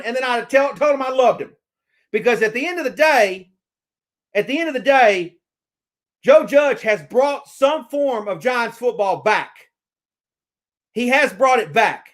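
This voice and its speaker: Man, very high-pitched, excitable, rambling, stammering, sports fan rant. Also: normal speed. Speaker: sports vlogger. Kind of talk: casual fan rant to camera.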